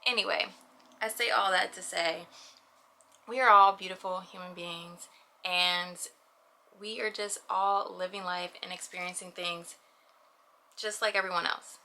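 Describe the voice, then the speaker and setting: Bright, chatty young woman vlogger. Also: lowish voice, unhurried, pauses often. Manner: animated, chatty, lots of "you know what I mean". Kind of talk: casual personal vlog.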